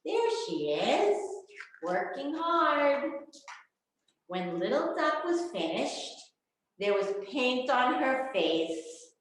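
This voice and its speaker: Animated woman reading a storybook aloud. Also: on the high side, a little hiss or hum. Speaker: children's librarian. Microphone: video call. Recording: echoey room over a video call.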